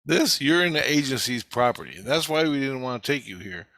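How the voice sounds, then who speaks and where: Here a vlogger relates his own experiences at length, rambling, swearing heavily, and getting more and more riled up. He has a medium-pitched, bright, forceful voice, speaks briskly and with animation, and quotes the characters in his story in his ordinary voice. The sound is close and dry, with no echo.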